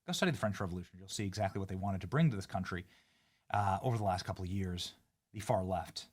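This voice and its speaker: A man hosting casual political commentary, sarcastic and animated, swinging from loud hype to low mutters. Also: fast talker.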